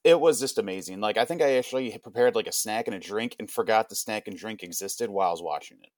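A young man on a podcast, excitedly recapping an episode in a rambling, casual way full of "like". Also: fairly low pitch, fast, no echo. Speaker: podcast co-host. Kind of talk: casual pop-culture chat.

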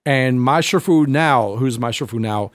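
A man's voice: mid-range voice, a little slow, no echo, clean studio sound. A man telling a long personal story in a casual podcast chat, rambling with many fillers and restarts.

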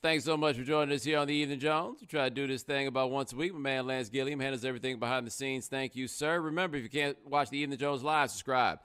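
A young adult man hosting a live podcast, chatting casually with a sarcastic, animated delivery. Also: quick pace, hardly any pauses, smooth. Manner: animated, sarcastic, rising pitch when joking. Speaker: podcast host. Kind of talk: casual live-stream commentary.

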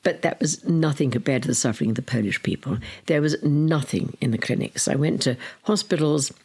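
Gravelly, husky older storyteller. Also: mid-range voice, brisk, a little mellow. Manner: earnest, vivid storyteller, drops to a whisper at times. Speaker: guest. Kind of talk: storytelling in a podcast interview.

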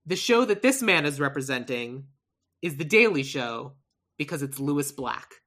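A woman hosting a podcast in casual, animated chat, laughing often and swearing casually. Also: deep voice, moderate pace.

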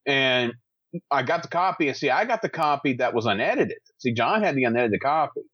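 A man's voice: mid-range voice, expressive, fairly quick, husky, no echo. A man talks eagerly in a casual podcast chat. His voice comes through a dull, muffled mic. The sound is dry, with no room around it. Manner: enthusiastic, laughs along.

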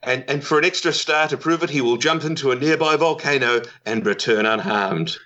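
A man with a New Zealand accent, a podcast guest recapping in a rushed, self-deprecating way. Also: mid-range voice, pushed and bright, dull audio. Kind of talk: casual chat.

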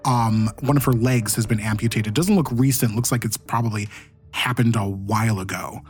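A man's voice: mid-range voice, normal speed. A man running a tabletop game as game master, narrating scenes loosely with many fillers.

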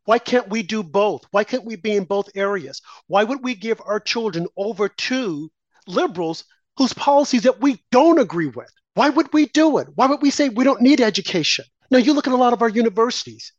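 A man's voice: sits high, lively intonation, brisk, no echo. Preachy guy on a talk show, lots of rhetorical questions, dull lo-fi sound. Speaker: show host. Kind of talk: political talk show commentary.

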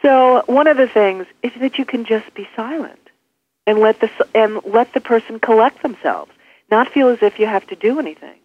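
A woman's voice: fairly high pitch, expressive, moderate pace. A woman author interviewed by phone, giving practical advice in numbered steps. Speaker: author and guest expert. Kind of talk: interview on a call-in line. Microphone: telephone. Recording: tinny phone line.

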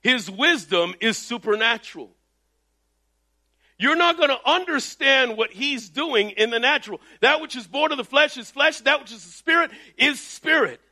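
A man preaching a sermon loudly and emphatically, his voice rising in bursts as he exhorts the congregation. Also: very high voice, expressive, moderate pace. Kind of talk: energetic sermon. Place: Texas.

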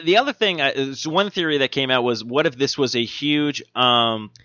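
A man's voice: mid-range voice, moderate pace, sharp tone. A man chatting casually on a podcast, trailing off into ums and restarts as he jokes his way through odd news stories. The sound is dull and dry, like a plain home setup with no room echo. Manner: rambling, jokey, many fillers and restarts. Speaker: podcast co-host.

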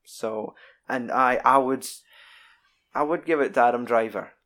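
A man's voice: medium pitch, fairly bright tone. A man in casual podcast chat, rambling and sweary. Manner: sweary, rambling, quick bursts.

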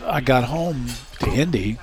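A man's voice: medium pitch, animated, measured pace, over music. Man telling stories with easy laughs. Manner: anecdotal, laughs through stories, frequent fillers and restarts. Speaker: racing safety expert. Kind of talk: casual interview storytelling.

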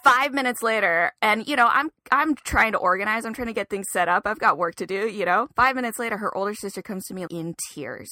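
With a medium-pitched voice moving fairly quickly and barely pausing, a young adult woman spins stories as a podcast co-host. The recording is dry, and the casual chat is full of her laughter and acted-out quotations.

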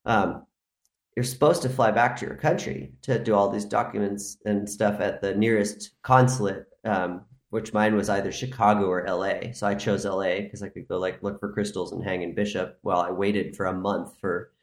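A man's voice: on the low side, steady tone, normal speed. A man speaking as a podcast guest in casual chat, telling a long rambling story full of "like". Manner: rambling storyteller, heavy use of filler "like". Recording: roomy echo.

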